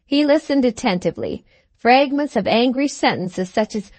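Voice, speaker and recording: A woman narrating an audiobook of a classic novel in a measured, unhurried way. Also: fairly high pitch, very animated, darkish tone, dry recording. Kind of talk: scripted narration.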